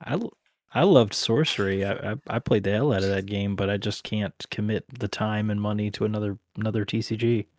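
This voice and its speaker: A man's voice: fairly low pitch, steady tone, a little fast, a little mellow, dry recording, clean studio sound. A man co-hosting a casual podcast chat in a laid-back, wry way. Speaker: podcast co-host.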